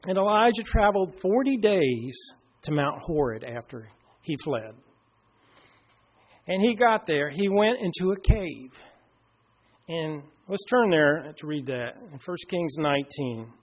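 High-voiced man preaching a sermon. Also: lively intonation. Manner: storytelling, slows down and drops to a hush for emphasis.

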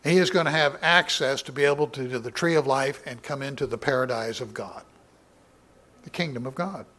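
Man, Bible study sermon, reads verses with emphasis, casual explaining, fillers, clears throat. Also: mid-range voice, a little fast, fairly bright tone. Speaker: Bible teacher.

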